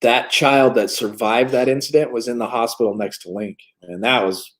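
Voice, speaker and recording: A man's voice: medium pitch, normal speed. A man in his forties hosting a recovery livestream, talking candidly and joking in casual chat. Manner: candid, joking, plain-spoken.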